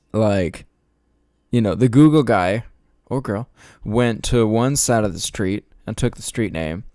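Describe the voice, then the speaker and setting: A man's voice: lowish voice, darkish tone, clean tone, dry recording, studio quality. A man hosting his podcast, ranting in a casual, profane, sarcastic and rambling way. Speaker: podcast host.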